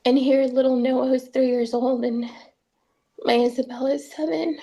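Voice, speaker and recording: A woman recounting painful family events as an interviewee in a documentary, speaking earnestly with halting restarts. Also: sits high, flat delivery, dark tone. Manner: earnest, halting first-person retelling with restarts. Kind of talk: documentary testimony.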